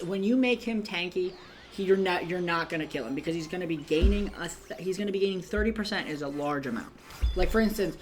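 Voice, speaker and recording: A man's voice: fairly high pitch, a little hiss or hum. A man talking over gameplay footage of a video game, rambling and correcting himself as he calls his viewers guys. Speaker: gaming YouTuber. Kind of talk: casual gameplay commentary.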